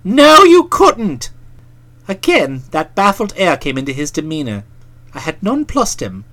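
Lively, wry woman reading a comic story. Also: low voice, normal speed. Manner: wry, theatrical, mock-pompous. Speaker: audiobook narrator. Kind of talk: first-person comic audiobook narration.

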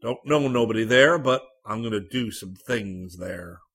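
A man voicing a brooding young Southern man with a high, nasal Tennessee accent, speaking louder and higher than his narration. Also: expressive, a little slow, breathy edge, full character voice. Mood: sullen, insistent.

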